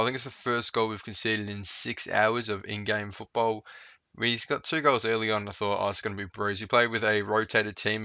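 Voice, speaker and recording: A young man narrates his football management game in relaxed commentary, cheering on and scolding his players as if they could hear him. His voice sits low but carries a bright, forceful edge. The dry, close recording sounds a little dull and lo-fi. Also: clear, resonant tone, no echo. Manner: chatty, talks to his players on screen. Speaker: gaming YouTuber. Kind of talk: casual let's-play commentary.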